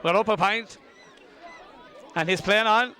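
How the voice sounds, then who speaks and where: An Irish man calls a hurling final live from an outdoor pitch, cheering his own club on as he goes. His voice is high and bright, often tipping into shouts. A faint crowd and outdoor noise sit behind him. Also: unhurried. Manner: excitable, shouting, openly partisan. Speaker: partisan club commentator. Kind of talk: live hurling match commentary. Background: crowd and outdoor ambience.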